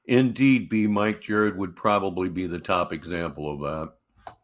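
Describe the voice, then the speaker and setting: A man hosts a commentary show and picks apart another man's behavior. He talks in a fairly low voice with a dry, sardonic edge. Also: fairly even intonation, unhurried. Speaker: commentary host.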